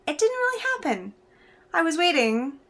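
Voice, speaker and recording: A woman's voice: sits high, big pitch swings, normal speed, fairly bright tone. A young woman from Canada telling a funny personal story to camera in a casual, chatty way, laughing now and then. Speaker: vlogger.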